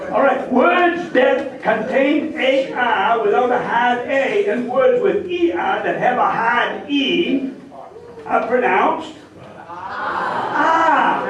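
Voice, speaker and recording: A man's voice: very high voice, expressive, slow. A man with a thick Maine accent, a humorist teaching a live audience how to talk like a local, joking and drawing the crowd into call-and-response. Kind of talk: stand-up comedy lesson to an audience. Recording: echoey hall, mic far off, crowd audible.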